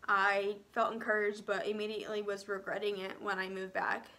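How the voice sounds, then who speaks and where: Young woman, personal vlog storytelling, emotional and near tears, halting, soft near-whisper, crisp bright tone. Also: mid-range voice, monotone. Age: young adult. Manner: frequent "um" and "like" fillers. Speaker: vlogger telling her own story.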